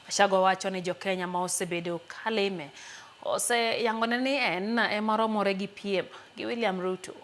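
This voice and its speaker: A woman presenting a news report in a steady, even reading voice. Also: medium pitch, moderate pace, slight background noise.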